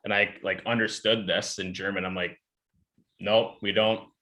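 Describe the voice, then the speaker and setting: A young man talking as a podcast guest in casual chat, relaxed and rambling with many fillers and restarts. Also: fairly low pitch, moderate pace. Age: young adult. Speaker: podcast guest, pro hockey player.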